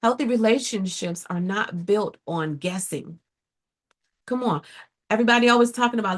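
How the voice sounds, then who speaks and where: A woman's voice: medium pitch, normal speed. A middle-aged woman therapist giving earnest, direct advice to viewers, often checking in with a rhetorical "right?". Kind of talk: casual advice talk to viewers.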